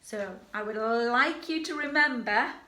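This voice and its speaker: A woman leading a drama workshop, introducing pantomime characters and their call-and-response phrases in a clear, playful way. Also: a little high, unhurried, sharp tone. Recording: echoey room.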